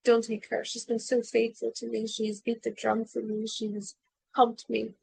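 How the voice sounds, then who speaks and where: A woman's voice: a little high, completely flat delivery, moderate pace, vocal fry, darkish tone, slightly rough, dry recording, full character voice, poor audio. A woman voicing a protective goddess who urgently refuses with repeated pleas. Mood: pleading. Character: protective female goddess pleading.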